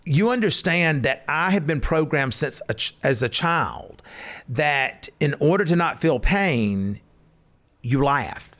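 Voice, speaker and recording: A man co-hosts a casual podcast, chatting and telling stories in an animated way. His voice sits on the high side and he takes it slowly, rising to hollering when he tells stories.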